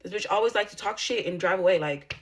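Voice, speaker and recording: A woman's voice: mid-range voice, quick pace. A woman YouTuber telling a personal story in a casual vlog, blunt and heavy on profanity.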